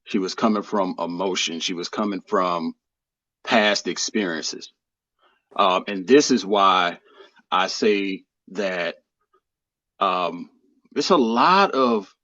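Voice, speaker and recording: A man's voice: low-pitched, fairly bright tone, no echo, lo-fi sound. A man speaking on a livestream panel, conciliatory and preachy, drawing out his phrases.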